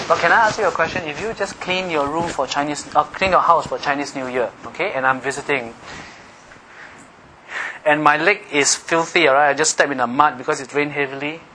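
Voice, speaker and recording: Male pastor, animated sermon delivery, bright voice, light background hiss. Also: a little high, low-quality recording. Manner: animated, teasing the congregation with questions.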